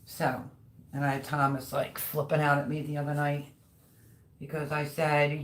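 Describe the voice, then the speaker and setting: A woman's voice: low-pitched, monotone, normal speed. A middle-aged woman chatting casually on her live stream, rambling about the dogs around her and cooing baby talk at them.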